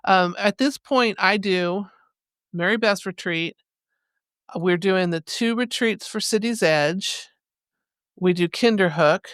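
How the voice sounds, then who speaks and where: Smooth-voiced woman, casual co-host. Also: mid-range voice, fairly bright tone, no room sound, clean studio sound. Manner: encouraging, halting with restarts. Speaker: podcast co-host. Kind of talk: casual chat.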